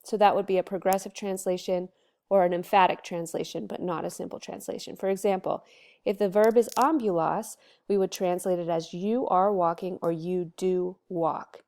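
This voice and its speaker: A Latin teacher, a woman, giving a recorded study lesson and explaining grammar step by step, slowing down and stressing each example word. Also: mid-range voice, fairly even intonation, creaky, warm tone. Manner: slow, deliberate explaining with stressed example words.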